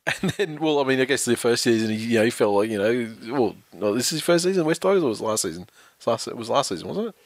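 A man's voice: medium pitch, lively intonation, fast, dry recording. A man reads out rugby league news and undercuts it with sardonic jokes and freely placed swearing. His voice is close and dry. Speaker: podcast host. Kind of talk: casual sports banter, reading news.

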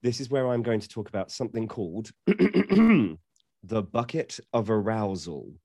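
A man who trains dogs, explaining in a joking, relaxed way with playful asides. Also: lowish voice, normal speed, creaky, slightly rough, dry recording, clean studio sound. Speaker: dog trainer guest. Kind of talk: casual chat.

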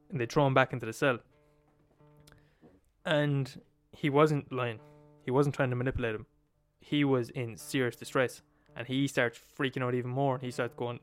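A man's voice: mid-range voice, steady tone, normal speed, faint music behind. A young man retelling a story in a casual, profane way, acting out quotes as he goes. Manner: profane, swears freely, acts out quotes.

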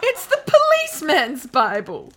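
A woman co-hosting a casual chat, quick-witted, blunt and swearing a lot. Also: high-pitched, wildly swooping pitch, crowd noise. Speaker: podcast co-host.

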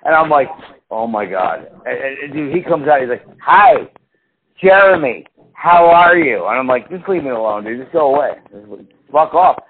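On a laid-back podcast, this co-host tells stories at a moderate pace in a husky mid-range voice, cursing freely and performing other people's lines as he quotes them. The sound is thin, like a phone, with a faint hiss underneath.

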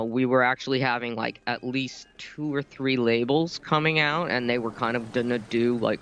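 A man's voice: mid-range voice, fairly bright tone, clear, resonant tone, lo-fi sound. A man talking casually as a podcast guest, telling rambling stories about playing in bands, with lots of fillers. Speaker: guest musician.

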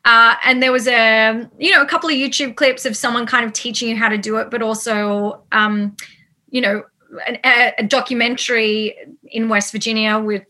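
Bright, animated woman telling a story. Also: fairly high pitch, moderate pace. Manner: animated, lots of fillers and quoted asides. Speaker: actor guest. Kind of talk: casual interview storytelling.

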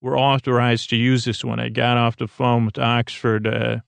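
A man hosting a podcast, recapping an episode in a halting, rambling way with many fillers and restarts. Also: medium pitch, flat delivery, gravelly, smooth, no echo. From United States. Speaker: podcast host.

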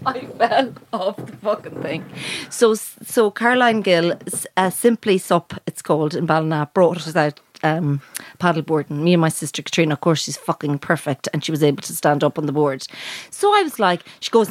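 A woman's voice: fairly low pitch, moderate pace, dry recording. A woman with an Irish accent from Mayo, telling a comic anecdote in casual chat, swearing freely and laughing as she goes. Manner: animated, swearing, laughing through her story.

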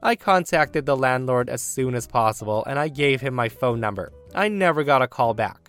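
Male story narrator with a smooth, clear voice and mid-range pitch, over faint background music. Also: expressive, moderate pace. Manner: storytelling with emphatic swings in pitch and loudness. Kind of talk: reading a first-person revenge story.

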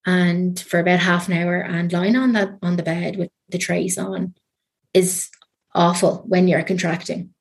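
A woman's voice: fairly low pitch, fairly even intonation, unhurried, vocal fry. An Irish woman telling a personal story as an interview guest, chatty and full of ums and likes. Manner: chatty, many ums and likes, trailing fillers.

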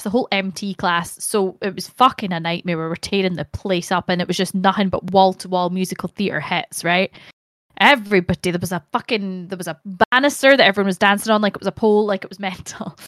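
Lively Scottish woman telling stories. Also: mid-range voice, fast, dry recording, clean studio sound. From Scotland. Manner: animated storyteller, swears casually. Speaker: podcast guest. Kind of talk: casual chat.

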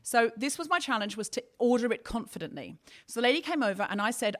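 A woman's voice: on the high side, animated, fast, a bit bright. A woman hosting a comedy podcast who tells a comic story in a playful, mock-dramatic way.

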